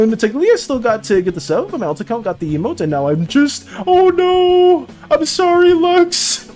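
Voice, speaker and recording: Stammering, excitable streamer with a lively voice. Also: mid-range voice. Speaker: art streamer. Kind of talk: casual live-stream chat.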